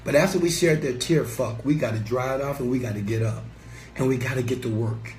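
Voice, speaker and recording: A man's voice: mid-range voice, a little fast, darkish tone, faint music behind. A man giving a passionate, preachy motivational talk to camera as an entrepreneur and mentor, emphatic and sometimes swearing. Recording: echoey room with faint ambient noise.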